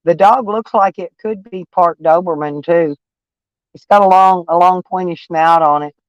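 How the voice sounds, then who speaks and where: A van life vlogger with a stuffy nose chats casually and live with viewers from inside his van with the door open, rambling in a plainspoken way. His high voice moves at a moderate pace, and the sound is lo-fi with no room sound.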